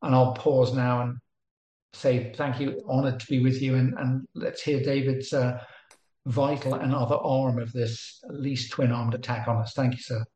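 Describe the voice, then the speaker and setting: A man's voice: medium pitch, flat delivery, moderate pace, dark tone. An older man, a retired researcher co-hosting, talking at length in a rambling way with restarts and emphatic asides, over a remote call. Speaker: co-host. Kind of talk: conversational monologue. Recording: echoey room.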